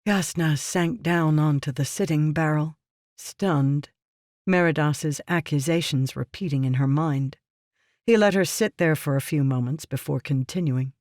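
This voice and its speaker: An audiobook narrator reading a fantasy novel in a measured, steady storytelling manner. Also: mid-range voice, no room sound, studio quality.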